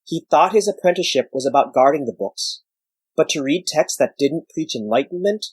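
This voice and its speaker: A man giving measured scripted narration of a story. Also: on the high side, animated, husky, dry recording, rough recording.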